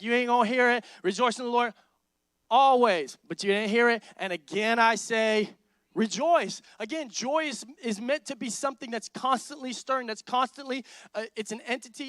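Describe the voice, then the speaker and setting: High-voiced emphatic preaching man. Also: dry recording, clean studio sound. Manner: energetic, emphatic preaching with repetition and rising intensity. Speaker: lead pastor. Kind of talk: sermon. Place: church sanctuary.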